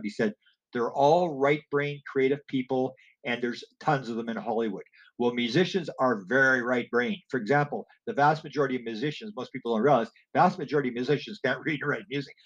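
Male interview guest, digressive storyteller who acts out his quotes, mid pitch, dull recording. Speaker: guest telling stories about music and alien experiencers. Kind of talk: rambling anecdotal interview talk.

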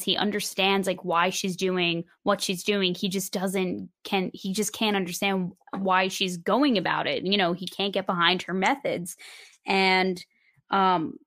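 A woman's voice: fairly low pitch, no room sound, clean studio sound. A woman co-hosting a podcast, retelling episode scenes in casual chat and acting out the characters' lines as she goes. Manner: animated retelling, acting out quotes. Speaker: podcast co-host.

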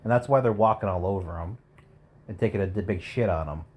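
A man's voice: low voice, quick pace, a little mellow. A man co-hosting a podcast, telling stories in a crude, profane casual chat. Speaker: podcast co-host.

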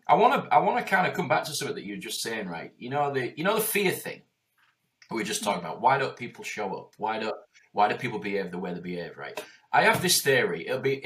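Middle-aged man, Yorkshire accent, business coach, sweary, animated, pitch jumping around. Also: fast. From Yorkshire, England. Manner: animated, swearing, acts out quoted voices. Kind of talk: casual podcast chat.

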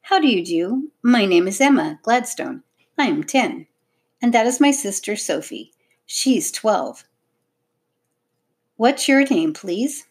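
A woman's voice: medium pitch, big pitch swings, a little slow, darkish tone, husky, exaggerated voice. A woman voicing a friendly, polite ten-year-old girl in a storybook reading, chirpy and eager.

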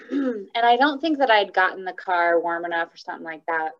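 A woman co-hosting a casual chat, telling a story about her child with lively energy. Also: lowish voice, normal speed. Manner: animated storyteller. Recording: dull lo-fi sound.

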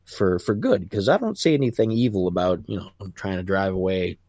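A man's voice: low voice, expressive, a little fast, a little mellow, dry recording. A man from Ohio co-hosting a podcast, chatting casually in a rambling, laid-back way. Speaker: podcast co-host.

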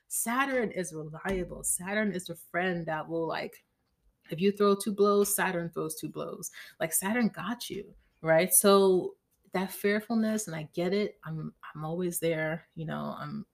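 Lady podcaster chatting casually, slangy and loose, lowish voice. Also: a bit bright. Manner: chatty, tags lines with "right?", slangy. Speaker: podcast host. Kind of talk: casual astrology chat.

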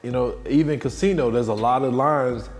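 Male podcast host, mid pitch, loose animated storyteller; reverberant room, faint music bed. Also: moderate pace. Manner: loose, animated retelling with acted-out quotes. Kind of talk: casual film recap.

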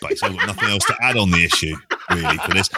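A man's voice: low voice, rapid-fire, very noisy. A man co-hosting a podcast, blunt and opinionated, swearing freely. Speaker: podcast co-host. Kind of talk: casual podcast banter.

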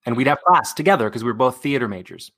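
Halting actor from Texas. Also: male voice, mid-range voice, lively intonation, pushed and bright. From Texas, USA. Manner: candid, halting, many fillers. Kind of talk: casual interview chat.

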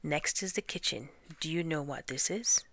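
A woman's voice: sits low, moderate pace, a bit bright, dry recording. A woman reading a storybook aloud and voicing a pompous, fussy male lord who insists on his own words for things.

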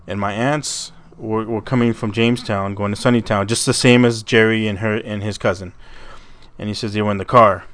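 A man's voice: lowish voice, fairly even intonation, brisk, a bit bright. A man hosting a podcast, telling a story in a rambling, casual way, stumbling over and repeating his words and swearing freely. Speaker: podcast host.

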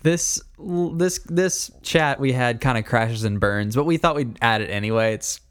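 A man's voice: medium pitch, unhurried, clear, resonant tone. A man co-hosting a casual podcast, talking with lots of hesitant fillers and restarts. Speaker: podcast co-host, band member. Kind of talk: casual chat.

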